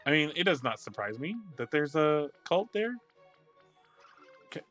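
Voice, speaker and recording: A man's voice: a little high, sing-song, a little slow, pauses often, fairly bright tone, soft background music. A man streaming a video game, wryly commenting and reading out its dialogue. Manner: wry, reads game dialogue aloud. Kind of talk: gameplay commentary.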